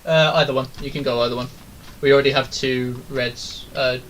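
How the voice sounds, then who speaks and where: A man's voice: medium pitch, level tone, moderate pace, fairly bright tone, a little hiss or hum, rough recording. Man leading a raid over voice chat. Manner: instructive, many ums and likes. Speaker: raid leader. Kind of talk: casual voice chat while gaming.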